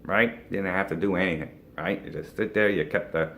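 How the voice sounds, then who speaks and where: A man's voice: low voice, brisk, fairly bright tone, slight background noise. An advertising agency owner giving a casual, folksy business pep talk, tagging his points with "right?" and chuckling now and then. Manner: folksy, keeps asking "right?", boat metaphors, chuckles.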